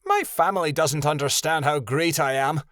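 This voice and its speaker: A man's voice: a little high, moderate pace, fairly bright tone, dry recording, clean studio sound, pitched above the performer's own voice, lightly acted. A man voicing a proud, boastful young she-wolf in a fantasy audiobook. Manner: boastful, snappish.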